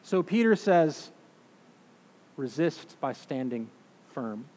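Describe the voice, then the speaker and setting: A man in his thirties or forties preaching a sermon, emphatic, swinging between loud declarations and hushed, slow phrases. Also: fairly high pitch, big pitch swings, slight background noise. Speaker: pastor. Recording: long reverb of a large hall.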